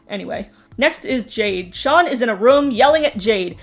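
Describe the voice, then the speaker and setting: A woman's voice: on the high side, animated, normal speed, gravelly, hardly any pauses, faint music behind. Sarcastic young woman recapping reality TV. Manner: sarcastic, mocking asides. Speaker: TV recap host. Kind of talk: snarky reality-show recap commentary.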